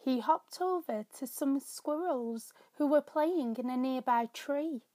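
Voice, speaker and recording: A woman reading her own children's story aloud, slow, gentle and clear. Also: high voice, a little hiss or hum. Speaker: storyteller and author.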